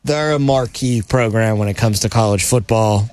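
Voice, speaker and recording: A man's voice: on the low side, moderate pace, a little mellow, no echo. A man co-hosting a casual sports talk show, ranting with emphatic outbursts. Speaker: sports podcast co-host.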